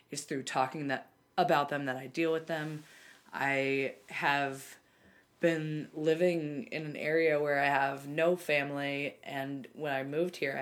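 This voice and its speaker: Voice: medium pitch, fairly bright tone. Picture a podcast co-host in an open, heartfelt chat. The voice sits in a middle register and talks earnestly, rambling along with plenty of likes and ums. It sounds like someone sharing personal things with listeners. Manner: rambling, earnest, filler-heavy. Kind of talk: candid casual chat.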